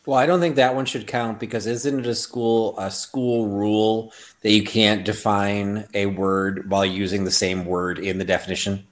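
A man's voice: lowish voice, little pitch movement, normal speed, hardly any pauses. A man co-hosting a casual panel discussion, wry and questioning. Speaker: co-host.

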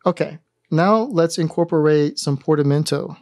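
A man hosting a synthesizer tutorial, calmly talking through each button press in a methodical step-by-step demonstration. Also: a little high, moderate pace, no echo, faint music behind.

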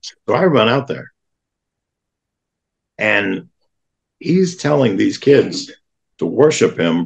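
A man, a guest on an interview podcast, telling a personal story with lively acted-out quotes of other people. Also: lowish voice, slow, vocal fry, pauses often, muffled recording. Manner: animated storyteller who acts out quoted voices.

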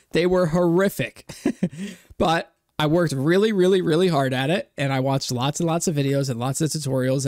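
A young man in his twenties speaks candidly to his viewers, thinking out loud in a reflective, rambling way with plenty of fillers and soft laughs. His voice sits at an ordinary middle pitch and is recorded dry and close, with no room echo. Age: 20s. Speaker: content creator. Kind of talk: candid personal vlog talk.

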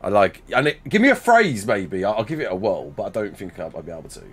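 Male streamer, 30s, lively swooping pitch, chatty and excitable, reads chat aloud mid-game. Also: fast talker, slightly rough. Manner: animated, reacts to chat with laughs and outbursts. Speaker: livestreamer. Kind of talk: casual livestream chat while playing.

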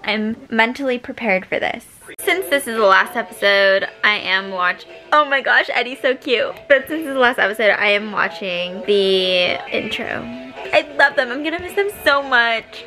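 A woman's voice: medium pitch, pushed and bright, low-quality recording. A young woman reacting to a TV finale, gasping and gushing over each scene. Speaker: reaction vlogger. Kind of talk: emotional TV reaction commentary.

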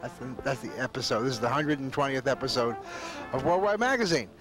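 A man's voice: mid-range voice, animated, quick pace, over music. A man hosting a casual on-location talk show, talking in a folksy, rambling way. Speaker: host.

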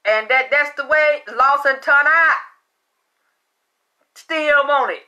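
A high-pitched woman gives a loose, chatty tarot reading, swearing freely and laughing as she goes. Her voice is bright and sharp. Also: slow pace. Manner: chatty, profane, breaks into laughter. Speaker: tarot card reader. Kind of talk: casual spiritual reading monologue.

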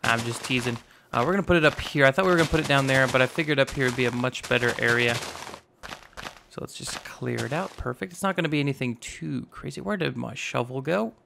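A man in his twenties with a slightly raspy voice, casually narrating a building game and rambling as he goes. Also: mid-range voice, quick pace, noisy background. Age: 20s. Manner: rambling, self-teasing, narrates each step aloud. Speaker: gaming YouTuber. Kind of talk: casual Minecraft let's play commentary.

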